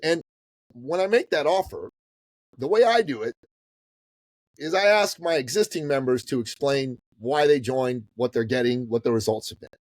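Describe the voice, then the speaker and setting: A man in his fifties from the Middle East, a business coach telling a story as a podcast guest in a casual, animated way that swings between loud and hushed. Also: medium pitch, moderate pace, no room sound, poor audio. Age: 50s.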